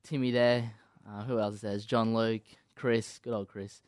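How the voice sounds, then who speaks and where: A man's voice: lowish voice, flat delivery, moderate pace, clear, resonant tone, dry recording, studio quality. A young Australian man interviewed as a guest, polite and agreeable, answering with many yeps. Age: young adult. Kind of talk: casual interview.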